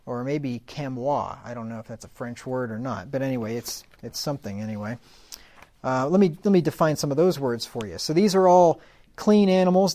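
A man teaching from the Bible, reading verses slowly, then explaining them casually with asides. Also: medium pitch, darkish tone. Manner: reads scripture slowly, then explains in a loose conversational way with asides.

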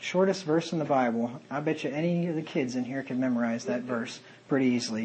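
A man preaching an earnest sermon and reading Bible verses aloud in old-fashioned wording. His voice is husky and sits a little high. He talks the way a pastor does from the pulpit. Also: moderate pace, dark tone, low-quality recording.

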